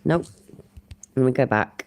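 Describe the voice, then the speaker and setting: A woman's voice: rumbling low, a little slow, creaky. A woman hosting her channel and commentating on a clip in a blunt, casual way, with easy swearing and chatty asides. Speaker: channel host reacting to a clip.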